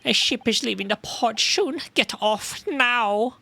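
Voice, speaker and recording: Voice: medium pitch, takes it slowly, gravelly, bright, forceful tone, no echo, voice pushed up, full character voice. A streamer doing a sulky Russian sailor. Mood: indignant. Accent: put-on Russian accent. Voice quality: stretched-out syllables. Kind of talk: reading game dialogue aloud on stream.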